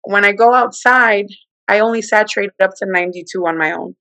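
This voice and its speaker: A middle-aged woman telling a personal story in casual, animated talk, acting out what people said. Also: fairly quick, no room sound, low-quality recording. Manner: animated, acts out quoted speech with big pitch jumps. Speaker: guest telling her testimony.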